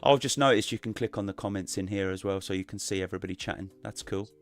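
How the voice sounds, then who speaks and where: A man with a relaxed, rambling way of talking, chatting casually as a guest on a live stream over a call mic. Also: fairly low pitch, fast talker, soft background music. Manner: relaxed, rambling, many fillers and restarts.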